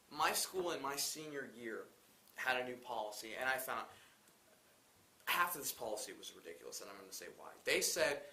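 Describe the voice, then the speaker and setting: A man's voice: mid-range voice, sharp tone, echoey room. A young man co-hosting a college talk show, hesitant and self-correcting as he explains. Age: young adult. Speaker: co-host. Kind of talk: casual talk-show commentary.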